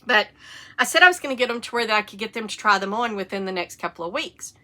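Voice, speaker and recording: A middle-aged woman, hosting a casual knitting podcast and telling animated stories, with the occasional cough and hiccup. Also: mid-range voice, fast talker. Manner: chatty, animated storytelling with rising excitement. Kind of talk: casual chat.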